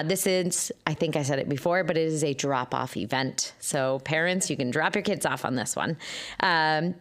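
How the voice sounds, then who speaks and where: Smooth-voiced woman reading board updates. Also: lowish voice. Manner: steady reporting, speeds up at times. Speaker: school board member. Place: public board meeting.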